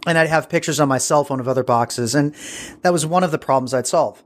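A man's voice: fairly high pitch, fast talker. A man as an interview guest, telling a story casually and digressively, searching for words as he goes.

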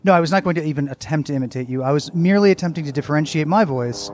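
A man's voice: on the high side, very fast, a crowd in the background. A man co-hosting a podcast in casual chat, wry and long-winded, joking at his own expense on a home balcony. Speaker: podcast co-host.

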